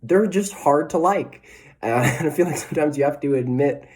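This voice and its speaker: A man's voice: fairly high pitch, moderate pace, darkish tone. A man in his twenties preaching a casual, conversational sermon as a pastor, with self-deprecating asides and frequent "right?" tags. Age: 20s.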